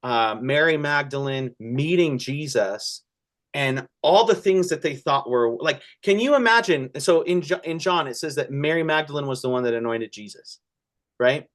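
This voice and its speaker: A man speaking as a pastor in a conversational church discussion, earnest and halting, often restarting, with feeling rising in his voice. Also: on the high side, fairly bright tone.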